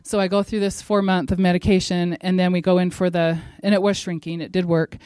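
A middle-aged woman giving a religious devotional talk, telling a personal story in a lively way and speaking straight to her listeners. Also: fairly low pitch, a little fast, clear, resonant tone, no echo, studio quality. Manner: animated storyteller who acts out quotes and speaks directly to her listeners.

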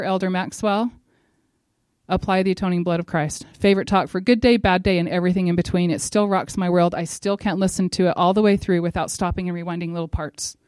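A middle-aged woman giving a religious devotional talk, telling a personal story in a lively way and speaking straight to her listeners. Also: mid-range voice, smooth, no echo, clean studio sound. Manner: animated storyteller who acts out quotes and speaks directly to her listeners.

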